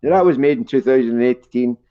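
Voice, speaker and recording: A man's voice: medium pitch, brisk, highs cut off. A man with a Scottish accent chatting casually, rambling and swearing as he tells jokes. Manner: sweary, rambling joke-teller. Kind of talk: casual street chat.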